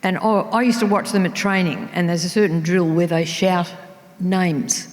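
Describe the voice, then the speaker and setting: An older Australian woman, an author, chatting on stage and telling anecdotes that trail into soft asides. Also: fairly low pitch, steady tone, normal speed. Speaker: author guest. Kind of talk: casual on-stage conversation. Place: large town hall ballroom. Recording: long reverb of a large hall.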